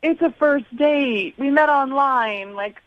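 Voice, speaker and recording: A woman's voice: high voice, takes it slowly, no echo. A woman calling in to a radio show, casual and giggly, saying "like" a lot over a phone line. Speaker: caller.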